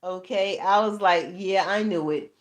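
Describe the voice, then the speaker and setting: A woman in her thirties telling a casual story to her channel, animated and laughing, swearing freely, often asking "you know what I'm saying". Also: medium pitch, measured pace. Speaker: tarot channel host.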